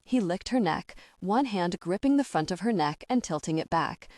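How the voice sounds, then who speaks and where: A woman narrates a romance audiobook in a steady, even read. Her voice sits on the lower side. The recording is dry and close, with no room sound. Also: normal speed, few pauses, dry recording.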